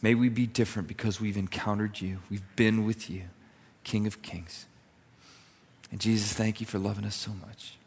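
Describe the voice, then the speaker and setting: A young adult man, a pastor, preaching a sermon and telling a story with lively acted-out dialogue. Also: fairly low pitch, normal speed, slightly rough. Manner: animated, acts out dialogue in his story. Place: church sanctuary. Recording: long hall reverb.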